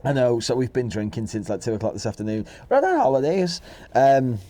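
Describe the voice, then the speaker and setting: Young man, Welsh accent, podcast co-host, casual chat, rambling storyteller, mellow dark tone. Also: mid-range voice, big pitch swings, brisk. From Wales. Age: young adult. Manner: rambling, chatty anecdote-telling.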